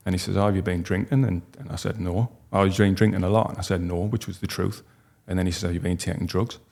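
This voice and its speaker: A man, telling a personal story as a podcast guest in a halting, heartfelt way with many restarts. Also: deep voice, fairly even intonation, vocal fry, darkish tone. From North East England. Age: 40s.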